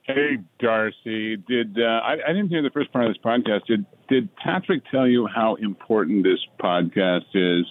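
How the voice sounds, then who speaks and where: A middle-aged actor talks wryly and easily in a lowish voice. The sound is thin and phone-like. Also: male voice, moderate pace, few pauses, a little hiss or hum. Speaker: actor guest. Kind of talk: casual podcast chat.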